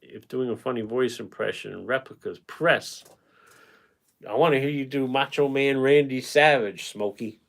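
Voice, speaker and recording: A man's voice: mid-range voice, moderate pace, gravelly. A man hosting a painting livestream, chatting casually and rambling as he reads out viewer comments and answers them. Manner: talkative, chummy with viewers.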